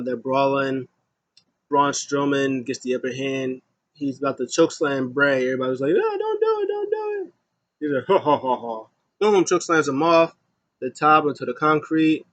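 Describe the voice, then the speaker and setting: A man giving a casual solo review of a wrestling show, rambling with many ums and getting loud when he mimics an announcer. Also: mid-range voice, lo-fi sound.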